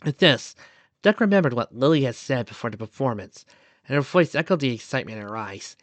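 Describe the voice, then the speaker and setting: A man reads fan fiction aloud in a soft, steady storytelling voice. His pitch sits in the middle, and the sound is dry and close with no room around it. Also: fairly quick, no room sound. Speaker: narrator.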